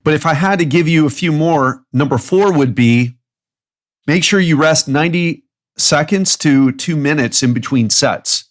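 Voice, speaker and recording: A man hosting a fitness podcast alone, a coach who talks bluntly and emphatically in quick bursts. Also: fairly high pitch. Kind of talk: solo podcast monologue.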